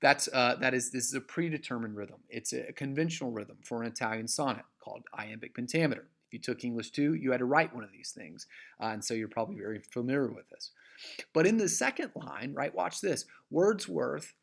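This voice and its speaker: A man delivers a recorded literature lecture at a middle pitch, his voice rising and falling widely as he acts out stressed syllables. He pads his sentences with frequent fillers and restarts, then slows down to stress words for the class. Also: animated, vocal fry, fairly bright tone. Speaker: teacher.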